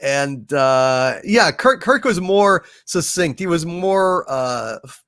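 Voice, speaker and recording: A man hosting a casual live stream, reading out viewer messages and now and then slipping into recited verse, song and impressions, with a halting way of talking full of fillers and restarts. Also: fairly high pitch, expressive, fairly bright tone, no echo. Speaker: livestream host.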